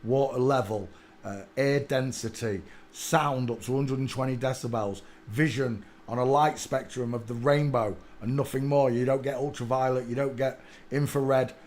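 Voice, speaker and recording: A livestream host with a mid-range voice rambles through a monologue at normal speed, now and then erupting into excited shouts.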